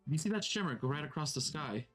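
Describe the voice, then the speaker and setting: A man's voice: on the high side, lively intonation, fast, over music. A man running a tabletop game on a stream, setting scenes in an easygoing, chatty way. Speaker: game master.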